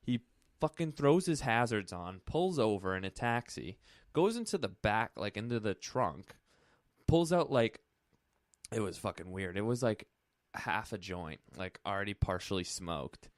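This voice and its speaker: A man's voice: lowish voice, animated, a little slow, dry recording, studio quality. Man rambling through a story. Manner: rambling storyteller, swears freely. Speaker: podcast co-host. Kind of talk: casual chat.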